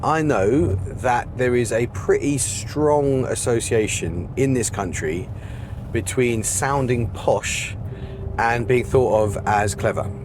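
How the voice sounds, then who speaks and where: A man hosting a documentary, narrating and questioning in a lively, engaged way. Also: mid-range voice, takes it slowly, background noise. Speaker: documentary host.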